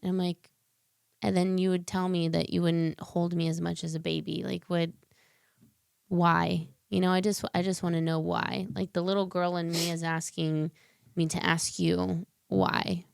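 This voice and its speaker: A woman's voice: on the low side, little pitch movement, moderate pace, vocal fry, clear, resonant tone, no echo, studio quality. A woman guest on a podcast, telling a personal story in an earnest, heartfelt way with loose, filler-filled speech.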